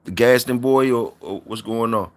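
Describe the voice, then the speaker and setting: A man's voice: medium pitch, normal speed. Drawling man hosting a livestream. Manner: loose, drawling, repeats himself, salutes viewers. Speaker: livestream host reading viewer comments. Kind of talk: casual livestream chat.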